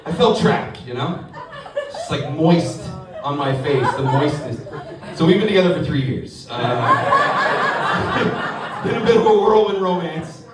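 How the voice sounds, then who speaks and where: High-voiced comedian in an echoey club. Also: male voice, measured pace, long pauses. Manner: animated storytelling, acts out voices of others. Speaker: stand-up comedian. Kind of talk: stand-up comedy set. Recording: echoey club mic with crowd laughter, from far off. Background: audience laughing.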